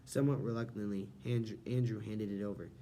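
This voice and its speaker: A man narrating a children's novel as an audiobook in a steady, expressive storytelling manner. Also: on the low side, fast talker, a little hiss or hum, poor audio. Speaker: audiobook reader.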